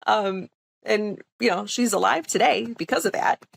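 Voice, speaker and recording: A woman's voice: mid-range voice, normal speed, creaky. A young woman nurse telling a personal story in a casual interview, chatty and emphatic, with lots of "like" and "um". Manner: chatty, full of "like" and "um", emphatic retelling. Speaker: nurse, podcast guest.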